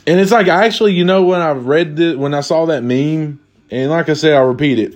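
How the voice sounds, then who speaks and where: A man's voice: a little high, brisk. Young guy cussing and rambling thru a funny rant, lots of likes and restarts. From Kentucky. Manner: rambling, swears constantly, many restarts and fillers. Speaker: vlogger. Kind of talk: profane comedic rant.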